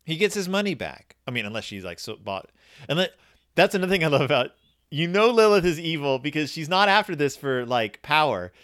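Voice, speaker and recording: A man in casual conversation about a novel, laughing often and briefly acting out the characters. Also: fairly high pitch. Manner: animated, laughing often, acts out characters in quick voices. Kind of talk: casual book discussion.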